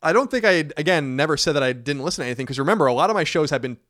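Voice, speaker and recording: A man hosting a casual podcast, blunt and quick, swearing now and then into a close mic. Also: on the high side, expressive, a bit bright, no echo. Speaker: podcast host.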